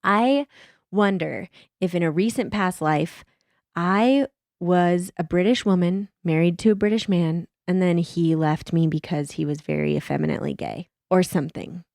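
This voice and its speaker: A woman co-hosting a casual podcast chat, giggly and animated, swearing casually. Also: fairly low pitch, normal speed, vocal fry, dry recording, clean studio sound. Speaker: podcast co-host.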